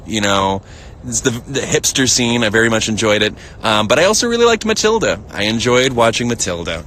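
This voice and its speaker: Bright-voiced playful American man. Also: slight background noise. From United States. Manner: playful, giggly, jumps up into a high voice when joking. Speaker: live stream host. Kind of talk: casual chat reading viewer comments. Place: outdoors, lounging in a field. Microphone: phone live stream.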